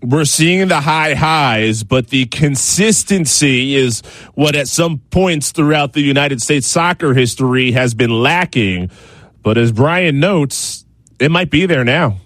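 A man's voice: mid-range voice, animated, slow pace, a bit bright, no echo. Dry-sounding male sports news anchor. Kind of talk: scripted news reading.

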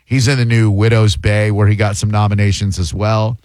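A man's voice: on the low side, level tone, moderate pace, darkish tone, no echo. Male host, dry close mic, sarcastic casual banter. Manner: sarcastic, teasing. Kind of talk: casual chat.

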